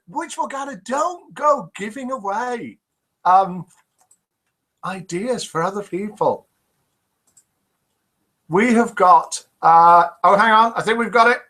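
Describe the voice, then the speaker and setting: Chatty older British host, bright and husky. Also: male voice, high-pitched, poor audio. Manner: chatty, jokey, reads chat messages aloud. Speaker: host of a live interactive show. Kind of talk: live-stream chat reading viewer comments.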